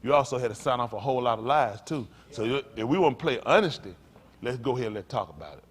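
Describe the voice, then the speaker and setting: At a quick pace, a man preaches a teaching sermon in a down-home style, calling out to his congregation. His voice swings between loud, high emphasis and low, quiet passages as he preaches with animation.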